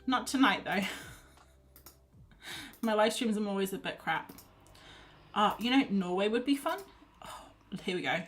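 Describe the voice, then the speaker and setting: A woman's voice: medium pitch, lively intonation, unhurried, pauses often, a bit bright. Chatty woman streamer, faint music behind. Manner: chatty, self-deprecating, thinks aloud while reading chat. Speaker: art streamer. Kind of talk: casual livestream chat.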